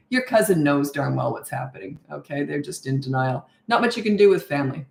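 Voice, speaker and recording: A woman's voice: low-pitched, normal speed, creaky, hardly any pauses, echoey room, slight background noise. A middle-aged woman coaching parents in a live Q&A, giving blunt, no-nonsense advice with rhetorical questions. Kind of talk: live Q&A, answering viewer questions.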